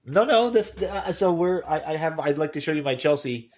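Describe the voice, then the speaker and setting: A man's voice: on the high side, lively intonation, normal speed, darkish tone. A man hosting a cybersecurity podcast in casual chat, joking and often repeating words as he starts a sentence. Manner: chatty, jokey, repeats words when starting. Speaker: podcast host.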